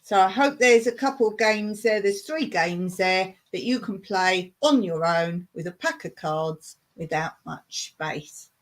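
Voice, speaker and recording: A woman's voice: mid-range voice, expressive, unhurried, few pauses. A woman hosting a casual home livestream, chatting and patiently explaining things while repeating words. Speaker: livestream host. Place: home in rural Cyprus.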